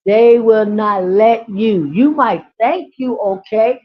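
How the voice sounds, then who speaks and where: A woman's voice: a little high, takes it slowly, lo-fi sound. A woman giving an impassioned teaching monologue as a speaker on inner child healing, with repetitive, preacher-like build-ups and casual, colloquial grammar.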